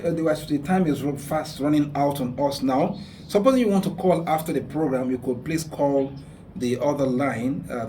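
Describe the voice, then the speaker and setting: A man's voice: mid-range voice, dark tone, far from the mic, slight background noise. A man hosting a radio talk show and giving earnest religious advice, repeating his points for emphasis. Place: radio studio.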